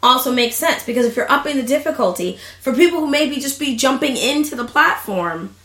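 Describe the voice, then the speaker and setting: Woman co-host, slightly high, echoey room. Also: expressive, fairly quick, a bit bright. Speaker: podcast co-host. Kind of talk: casual podcast chat. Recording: roomy echo.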